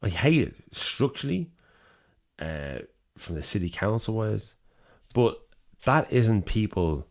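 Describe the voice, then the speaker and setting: Deep-voiced Dublin man arguing emphatically. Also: very animated, slow, pauses often. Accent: Dublin Irish. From Dublin, Ireland. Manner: emphatic, sweary, piles up repeated phrases. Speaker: podcast co-host. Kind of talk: casual debate over drinks.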